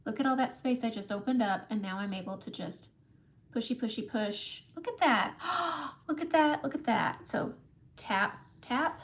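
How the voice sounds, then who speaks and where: A woman's voice: fairly high pitch, moderate pace. A middle-aged woman hosting a casual live makeup tutorial from home, chatting with viewers by name and laughing often. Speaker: makeup livestream host.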